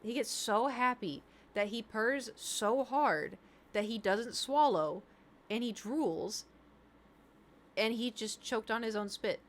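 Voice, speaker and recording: A woman's voice: a little high, slow pace. A woman streamer chatting casually, telling rambling stories and talking to her cat.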